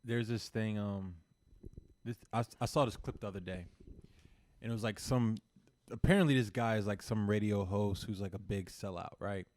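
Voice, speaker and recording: A man's voice: fairly low pitch, normal speed, a little mellow, no room sound. A man co-hosting a podcast, telling stories in a loose, rambling way with plenty of swearing. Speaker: podcast co-host. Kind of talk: casual chat, storytelling.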